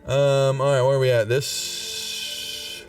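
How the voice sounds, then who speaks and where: A man running a tabletop game as game master, chatty and quick to laugh, often stopping to restart his sentences. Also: medium pitch, huge pitch swings, far from the mic, soft background music.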